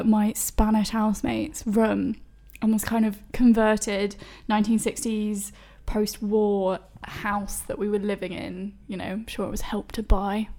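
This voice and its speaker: A woman's voice: mid-range voice, dark tone. A woman, telling stories in a casual podcast chat, chatty and self-deprecating with many fillers.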